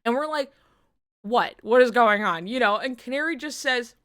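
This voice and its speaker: High-voiced woman telling a story. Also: normal speed. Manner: animated storytelling, swears a lot, bursts into laughter. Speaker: streamer. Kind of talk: casual chat.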